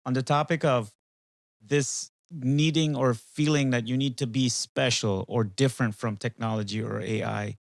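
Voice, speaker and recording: A man's voice: mid-range voice, steady tone, normal speed, creaky, no echo. A man hosting a casual talk with an AI companion, rambling and hesitant, with frequent fillers and restarts. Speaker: podcast host.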